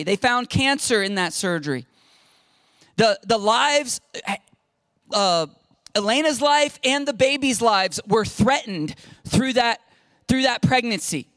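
A middle-aged male pastor telling a story in a conversational, animated sermon, often repeating his words. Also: sits high, dry recording.

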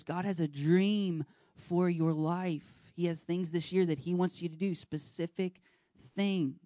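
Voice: medium pitch, dark tone, no echo, studio quality. A pastor preaching earnestly and urging the listeners directly, now and then acting out short bits of dialogue. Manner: acts out short dialogue scenes. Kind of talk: sermon.

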